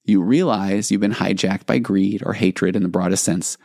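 A man with a low, gravelly voice talks through ideas on his solo podcast. He is reflective and casual, now and then voicing his own inner thoughts as examples. The sound is close and dry. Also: steady tone, moderate pace, a little mellow, dry recording. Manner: reflective, explains with acted-out inner dialogue. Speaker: podcast host.

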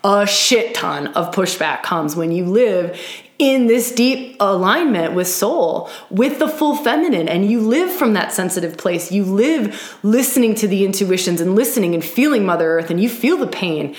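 A woman's voice: medium pitch, lively intonation, moderate pace, roomy sound. A woman leading an online women's circle, talking in an earnest, emphatic way with frequent "right?" asides and restarts. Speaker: circle leader. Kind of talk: live-streamed spiritual talk.

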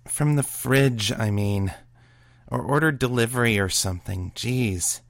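A man reading the part of a blunt, no-nonsense female homicide detective, brisk and exasperated. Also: lowish voice, dry recording, lightly acted. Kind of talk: audiobook reading of a serial story.

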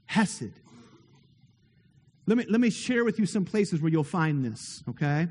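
High-voiced, unhurried preacher in reverberant hall. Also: male voice, big pitch swings, darkish tone. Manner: earnest, emphatic, builds with repeated phrases and rhetorical questions. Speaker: pastor. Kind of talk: sermon. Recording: long reverb of a large hall.

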